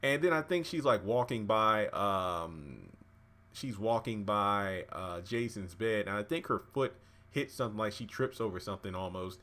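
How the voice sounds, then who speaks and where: A man casually recapping and reviewing a TV episode, chatty and relaxed, with plenty of fillers. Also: lowish voice, normal speed. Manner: relaxed, chatty, acts out dialogue with many fillers. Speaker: YouTube TV reviewer.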